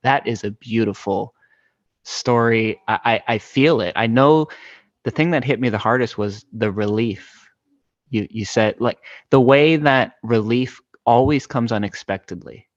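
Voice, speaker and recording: A man's voice: medium pitch, measured pace, no room sound, muffled recording. A man hosting a podcast, who stammers into his replies with eager admiration. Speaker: podcast host. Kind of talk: casual interview chat.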